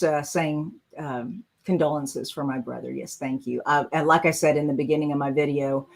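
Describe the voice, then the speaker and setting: A woman, chatting loosely as she talks through a craft project on a live stream. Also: deep voice. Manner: chatty, rambling, thinks aloud while working. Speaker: crafting channel host.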